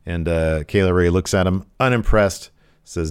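Man, casual podcast co-host, low voice, animated, joking. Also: normal speed, clear, resonant tone. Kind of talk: casual chat recapping wrestling.

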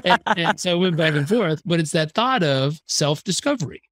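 A man, a performance coach telling a story as a podcast guest in an earnest, animated way that swears casually. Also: a little high, normal speed, no room sound, studio quality.

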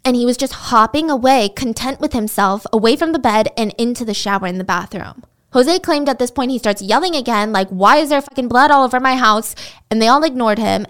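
A woman host retelling a true crime case in a conversational way, with indignant asides. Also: a little high. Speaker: podcast host.

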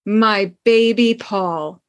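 A woman reading aloud as a seductive, languid aristocratic lady who speaks slowly and teasingly. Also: medium pitch. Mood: purring, teasing. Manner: slow, purring and teasing. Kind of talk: dramatic reading of a novel.

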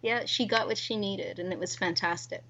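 A woman's voice: mid-range voice, moderate pace, a crowd in the background. A woman who works at births, telling a story about a mother in casual chat. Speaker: birth worker. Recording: dull lo-fi recording.

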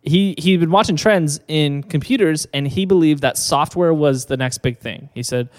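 A man's voice: a little high, normal speed. Guy on a podcast telling a story, lots of ums and likes, reverb tail. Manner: rambling storyteller with fillers and laughs. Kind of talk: casual chat.

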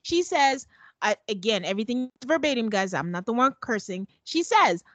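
Lively woman recapping a reality show, voice jumps all over, laughs a lot, dry close sound. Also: on the high side, normal speed, no room sound. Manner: animated, laughing often, acts out quotes. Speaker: podcast co-host. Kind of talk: casual recap chat.

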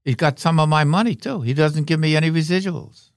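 Old guy rambling through wry stories as a guest, slightly high voice, dry close sound. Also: brisk, no echo. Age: older. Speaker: guest, veteran actor. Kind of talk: anecdotal interview talk.

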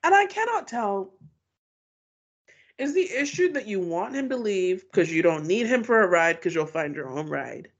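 A woman's voice: medium pitch, sing-song, normal speed. A woman co-hosting a casual podcast, sounding exasperated and trailing off as she reacts to a scene. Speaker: podcast co-host. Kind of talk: casual recap chat. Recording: dull, muffled sound.

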